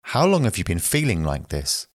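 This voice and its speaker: A man reading short phrases aloud for language learners, slow and careful, one at a time. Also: sits low, wildly swooping pitch, no room sound, clean studio sound. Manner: slow, careful, evenly paced phrase delivery. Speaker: phrasebook reader.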